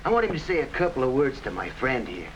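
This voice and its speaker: An actor playing a ruthless, scheming hired killer in an early TV crime drama, talking tough gangster slang. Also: male voice, medium pitch, sing-song, fast talker, lightly acted. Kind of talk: 1950s TV crime drama acting. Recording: dull old TV soundtrack with faint hiss.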